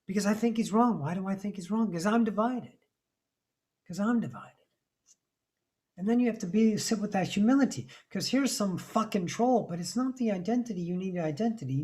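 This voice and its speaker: A man's voice: sits high, a little mellow. A man giving a live spiritual talk, intense and rambling, swearing often as he preaches about identity and freedom. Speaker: spiritual teacher.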